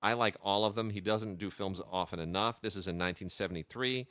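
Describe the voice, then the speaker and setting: A man hosts a casual chat about films, keen and full of hesitations. His low voice is bright and resonant. The recording is dry and close. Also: fast talker, no room sound. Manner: enthusiastic, with many hesitations and restarts. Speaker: podcast host reviewing film releases.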